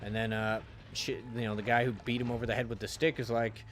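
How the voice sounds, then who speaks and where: A man's voice: medium pitch, level tone, quick pace, a little hiss or hum. Rambling, cursing male streamer. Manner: rambling, profane storytelling with restarts. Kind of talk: casual chat while gaming.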